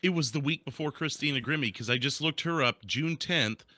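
A man's voice: a little high, brisk, bright, forceful tone, dry recording. A man chatting casually as co-host, matter-of-fact as he checks dates. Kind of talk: casual podcast chat.

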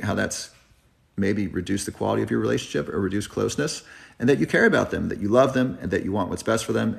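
A man's voice: on the low side, gravelly. A man in his thirties hosting a live health Q&A, talking earnestly and reflectively to viewers. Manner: earnest, reflective, tearing up at times. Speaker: health channel host. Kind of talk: live Q&A chat. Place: driving, in a car.

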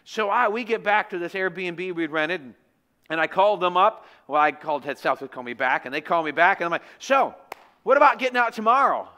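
Male preacher, sermon storytelling, animated and wry, high and bright tone. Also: fairly quick. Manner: animated, joking, conversational. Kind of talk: sermon with humorous personal storytelling. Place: church.

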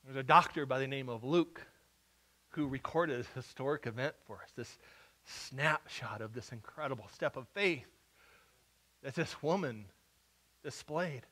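A male pastor preaching a sermon and telling the story dramatically, shifting from hushed to loud. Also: medium pitch, a little slow, long pauses.

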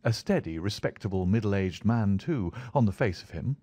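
Low-voiced man reading a novel. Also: lively intonation, moderate pace, mellow, breathy edge, no echo. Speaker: audiobook reader. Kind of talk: scripted narration of a classic novel.

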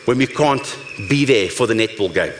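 A man's voice: medium pitch, expressive, moderate pace, reverberant, a little hiss or hum. A man giving a humorous keynote talk on stage, telling stories with punchlines and acting out quotes. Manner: storytelling with punchlines, acted-out quotes. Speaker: speaker. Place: stage before a live audience.

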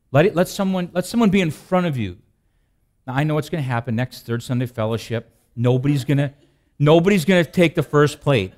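A male pastor from the Midwest preaching a sermon in a folksy way, telling stories with jokes and asides. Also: a little high. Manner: folksy, joking storyteller with asides and restarts.

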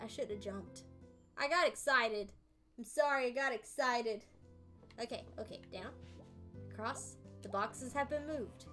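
A woman streamer giving casual let's-play commentary, thinking aloud, repeating herself and breaking into animated exclamations. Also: fairly high pitch, a little slow, soft background music. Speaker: gaming streamer.

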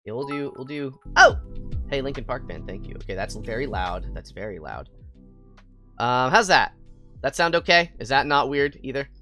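A young American man chatting playfully while streaming a game, prone to excited squeals. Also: mid-range voice, normal speed, soft background music. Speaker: VTuber streamer. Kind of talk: casual gaming stream chat.

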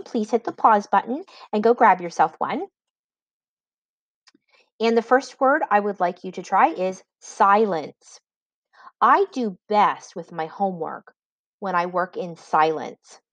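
A woman teacher giving a spelling lesson, dictating words slowly and patiently with clear enunciation. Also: mid-range voice, lively intonation, no echo, poor audio.

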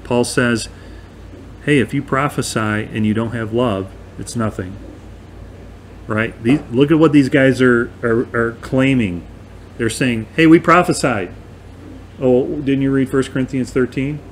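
Man, bible study teacher, conversational, emphatic, mid-pitched voice, faint air conditioning hum. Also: fairly even intonation, a little slow. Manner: conversational, emphatic, asks listeners "right?".

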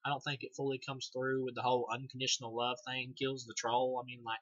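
A man's voice: medium pitch, monotone, quick pace, no echo, muffled recording. A man giving a casual, rambling movie review, loose and profane, laughing and restarting as he goes.

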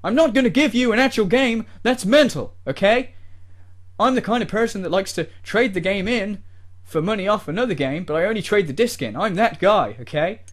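A man's voice: high voice, animated, a little fast. A man doing a parody rant as a smug, whiny male gamer YouTuber who sneers and swears at his fans. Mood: petulant.

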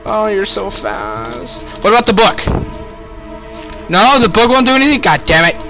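A young male gaming YouTuber commentates a horror game, venting his frustration with lots of swearing and rambling. His voice is high, with big pitch swings and a moderate pace. The audio is poor, with game music playing underneath.

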